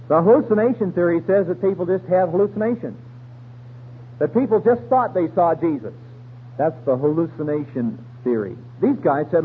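A man's voice: a little high, lively intonation, brisk. A man preaching in a folksy, colloquial storytelling way, full of slang, on a tinny radio broadcast with a faint hum. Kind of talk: radio sermon.

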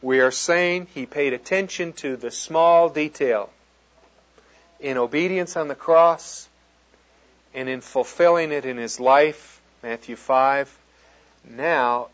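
A man preaching a sermon, reading scripture aloud and breaking off with excited asides and jokes. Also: fairly high pitch. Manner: animated, quoting scripture and joking with the audience. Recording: dull lo-fi sound.

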